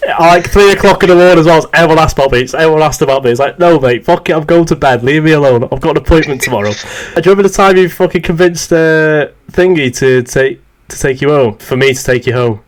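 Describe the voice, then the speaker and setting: Young man telling barracks tales, fairly high voice. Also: fast, hardly any pauses. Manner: swearing, laughing, says "mate" a lot. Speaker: podcast co-host. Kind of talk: casual storytelling chat.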